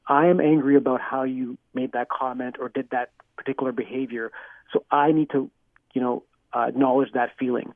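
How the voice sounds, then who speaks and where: A man's voice: medium pitch, vocal fry, no room sound. A man, a clinical psychologist, answering interview questions in an earnest, explanatory way with frequent restarts and "you know". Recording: dry tinny phone line.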